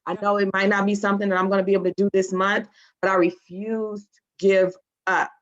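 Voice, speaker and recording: A woman's voice: medium pitch, level tone, a little fast. A woman team member sharing a personal testimony on a group call, earnest and close to tears. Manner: earnest, emotional. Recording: dull lo-fi sound.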